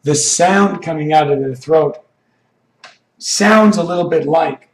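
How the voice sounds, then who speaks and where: A man teaching an English idiom lesson, his voice hoarse and froggy from allergies, explaining slowly with frequent "okay"s. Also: on the high side, echoey room, low-quality recording. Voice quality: froggy, rough throat.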